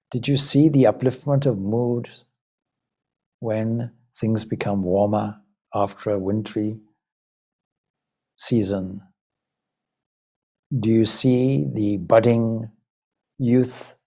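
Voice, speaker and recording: A man from Zimbabwe gives a spiritual talk as a Vedanta swami. His voice is mellow and a little husky, and he speaks reflectively, posing question after question to his listeners. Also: on the low side. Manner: reflective, many rhetorical questions. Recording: Ireland talk.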